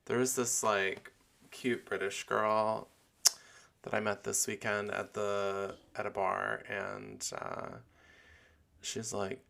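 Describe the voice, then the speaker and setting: A man's voice: on the low side, little pitch movement, takes it slowly, gravelly, fairly bright tone. A man hosting a casual solo podcast, rambling with many fillers and restarts. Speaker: podcast host.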